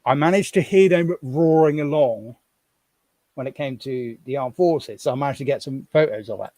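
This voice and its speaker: A man's voice: medium pitch, normal speed, warm tone. A man talks on a live stream from home. He rambles in a chatty way and thinks aloud as he goes through his things. His mid-range voice sounds dry and close, with no room echo. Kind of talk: casual live-stream chat.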